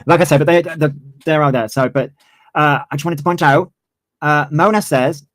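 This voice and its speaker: A man's voice: a little high, moderate pace, a bit bright, no room sound. A man in his twenties, ranting heatedly on a livestream and swearing freely. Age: 20s. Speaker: streamer. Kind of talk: livestream commentary.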